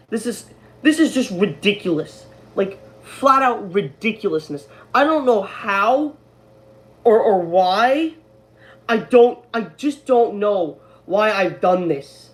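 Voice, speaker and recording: A woman's voice: medium pitch, lively intonation, slow pace. A woman streaming at home, ranting angrily about her own delayed series, swearing often and stumbling over restarts. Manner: profane, exasperated, stammering restarts. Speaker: creator of an online animated series, streaming. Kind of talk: angry live-stream rant.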